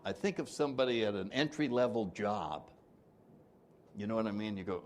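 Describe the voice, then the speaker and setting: A man's voice: lowish voice, animated, moderate pace, darkish tone, slight background noise. A man leading a twelve-step recovery workshop, joking with the room and acting out the people he quotes. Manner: jokey, acts out quoted voices, laughs often.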